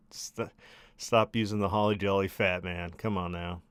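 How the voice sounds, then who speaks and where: This is a relaxed man chatting on a podcast and laughing easily. His voice sits low and sounds smooth and clean. The recording is dry and close. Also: unhurried, no room sound. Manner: laid-back, chuckling, lots of uh fillers. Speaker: podcast co-host. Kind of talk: casual podcast banter.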